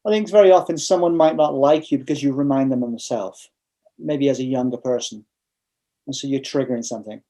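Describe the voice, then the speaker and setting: Mellow-voiced English man, blunt storyteller. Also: mid-range voice, a little fast. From England. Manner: blunt, storytelling, frequent restarts. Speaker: interview guest. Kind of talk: casual conversational interview.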